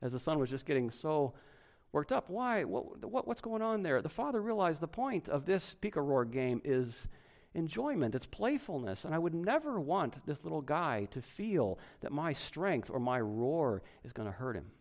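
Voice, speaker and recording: Man preaching with animated, shifting intensity. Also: fairly high pitch, moderate pace. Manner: animated, varies from loud emphatic to soft and hushed. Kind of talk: sermon.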